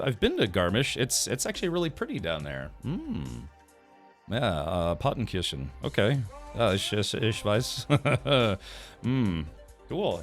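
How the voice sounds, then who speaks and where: A man on a game live stream, reading update notes aloud and chatting with viewers in a halting way with frequent restarts. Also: lowish voice, fairly bright tone. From United States.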